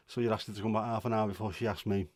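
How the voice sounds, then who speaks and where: Chatty man with a low voice. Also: fairly even intonation, a little fast, a little mellow, no room sound. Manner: chatty, grumbling, self-deprecating. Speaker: livestream host. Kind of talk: casual chat.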